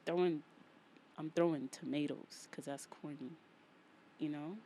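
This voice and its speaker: A woman's voice: low voice, unhurried. A woman with a thick New York accent talks straight to her listeners, casual and full of slang. She keeps repeating lines for emphasis and shifts easily between playful jokes and heated venting. A faint hiss sits under her voice. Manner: animated, playful, slangy, vents with emphatic repetition. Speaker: podcast host. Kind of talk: casual solo podcast monologue.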